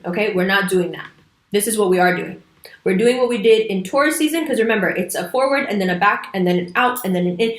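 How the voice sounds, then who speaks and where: Chatty woman in an echoey room. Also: mid-range voice. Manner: chatty, emphatic, with sudden playful voices. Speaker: astrologer. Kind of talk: casual astrology talk to camera.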